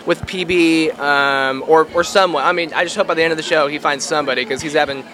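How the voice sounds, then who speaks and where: A young man, a voice actor, answering interview questions in a relaxed, rambling way with many fillers, outdoors at a public venue. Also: a little high, fast talker, some chatter behind. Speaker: voice actor guest. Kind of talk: casual interview.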